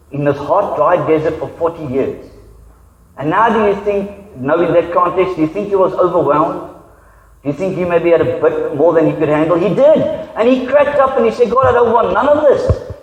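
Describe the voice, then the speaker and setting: A man delivers a sermon in an easy, conversational way, slipping into the voices of the people he quotes. His voice sits a little high. The recording is dull and carries the long echo of a church hall. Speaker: pastor. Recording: echoey hall, dull sound.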